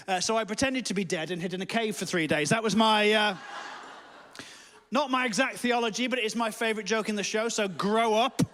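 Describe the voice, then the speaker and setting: A man doing stand-up storytelling, animated and self-mocking, leaping into a high panicky voice. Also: fairly quick, slight background noise. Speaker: stand-up comedian. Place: church hall with audience. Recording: live hall with long reverb.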